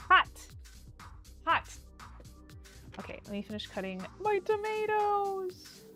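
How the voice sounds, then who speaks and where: A woman hosting a casual cooking livestream, bubbly and excitable as she talks to her chat from her kitchen. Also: very high-pitched, normal speed, soft background music. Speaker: livestream host. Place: home kitchen.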